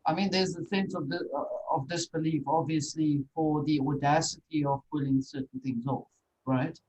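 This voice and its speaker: A podcast host in an interview, musing and speculating, thinking out loud. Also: medium pitch, fairly even intonation, moderate pace, slight background noise, rough recording.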